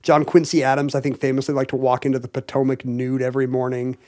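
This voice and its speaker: A man's voice: medium pitch, level tone, fast, darkish tone. Jokey, explaining male podcast host. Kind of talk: casual chat.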